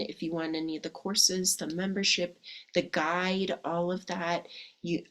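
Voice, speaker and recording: A woman in her thirties coaching listeners in a chatty podcast monologue, her voice slightly hoarse from illness. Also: fairly low pitch. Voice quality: husky. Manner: chatty, calls listeners "my darlings" and "ladies". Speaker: dating coach. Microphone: podcast microphone.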